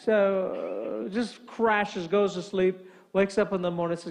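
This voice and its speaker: A male pastor telling a humorous story in a sermon, reeling off rapid lists of chores and often checking in with "right?". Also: sits high, creaky. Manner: animated joke-telling, rapid-fire lists, frequent "right?".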